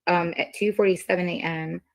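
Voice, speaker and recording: A woman reading old messages aloud on a casual stream, halting with many ums. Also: fairly low pitch, fairly even intonation, creaky, dry recording, low-quality recording.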